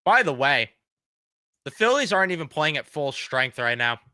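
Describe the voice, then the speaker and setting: Fed-up guy ranting sarcastic about his team, voice going hoarse, bright crisp sound, dry mic. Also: fairly high pitch, very animated, normal speed, no echo. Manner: frustrated, blunt, sarcastic. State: losing his voice. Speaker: sports fan show host. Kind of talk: ranting fan reaction.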